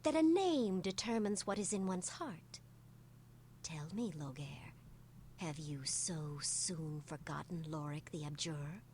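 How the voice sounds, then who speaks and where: An actress voicing a proud, composed female dark elf in a video game, speaking in a cool, challenging way. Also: low-pitched, animated, a little slow, slight background noise.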